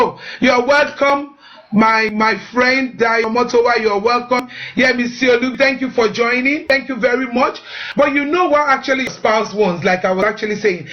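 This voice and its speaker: A woman's voice: on the high side, muffled recording. A woman hosting a live-streamed marriage advice talk. She speaks earnestly, repeats herself and often asks "you know what?".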